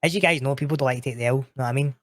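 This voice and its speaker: This podcast guest, a Scottish man who streams roleplay, talks very fast in a mid-range, slightly bright voice with no echo. The chat is casual, with plenty of slang, laughter and free swearing.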